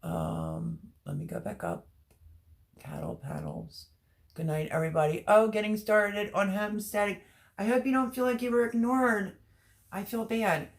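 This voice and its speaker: A woman's voice: mid-range voice, normal speed, gravelly. A woman hosting a casual livestream, reading out chat comments, teary and laughing through her words. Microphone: webcam or phone on a stream.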